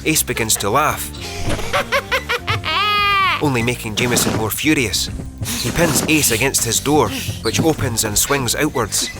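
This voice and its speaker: A man reading a novel aloud as narrator in a measured, vivid storytelling manner. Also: mid-range voice, loud music behind the voice. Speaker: audiobook narrator. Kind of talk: scripted narration.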